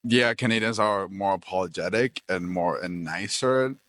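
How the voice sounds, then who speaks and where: Man from Nicaragua, fairly low voice, easygoing interviewee. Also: normal speed. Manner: relaxed, repeats the question back. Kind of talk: casual street interview answer.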